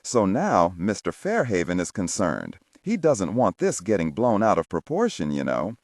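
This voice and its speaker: A man's voice: sits low, huge pitch swings, normal speed, a little mellow, dry recording, studio quality, full character voice. A man voicing a blunt, pushy middle-aged police captain giving orders in an audiobook. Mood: bossy. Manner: blunt, pushy, rhetorical questions.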